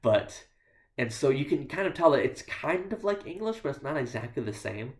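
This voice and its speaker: A man's voice: mid-range voice, big pitch swings, normal speed. Echoey male missionary telling stories. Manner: storytelling with dry self-deprecating humor. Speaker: missionary speaker. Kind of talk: missionary report in church. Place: church sanctuary. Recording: echoey church room.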